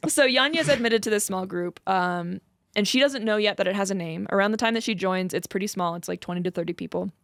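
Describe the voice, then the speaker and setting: A woman's voice: medium pitch, quick pace, no echo, clean studio sound. A woman co-hosting a podcast, telling a researched story in a chatty, casual way with lots of fillers and laughter. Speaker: podcast co-host presenting research.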